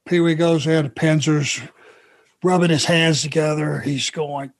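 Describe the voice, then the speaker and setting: A middle-aged man from Georgia, a former wrestler telling road stories in a relaxed, anecdotal way. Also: a little high, measured pace. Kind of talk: podcast storytelling.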